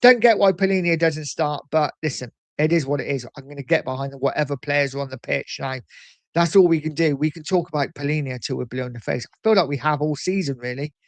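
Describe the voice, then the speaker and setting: A man hosting a casual livestream, reading out viewer comments in a chatty, animated way with frequent ums. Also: a little high, fast, dry recording. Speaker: livestream host reading chat. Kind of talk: casual live chat.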